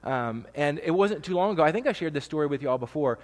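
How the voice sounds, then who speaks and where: A pastor in his thirties preaches from a church stage, his voice sitting fairly high for a man. He talks in a loose, emotional, conversational way, full of fillers and restarts. A long reverb trails after his words in the hall. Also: lively intonation, quick pace. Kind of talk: sermon.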